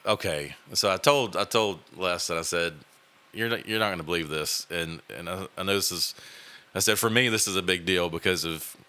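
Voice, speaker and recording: A man with a deep, low-pitched voice that still sounds bright and forceful. He tells his story casually and earnestly as a podcast host, stopping and restarting often. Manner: halting, many fillers and restarts, earnest.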